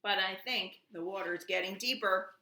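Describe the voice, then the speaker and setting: A woman's voice: medium pitch, moderate pace, bright, forceful tone, echoey room. Woman doing a breathless, pleading young dragon. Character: tired, gentle young male dragon.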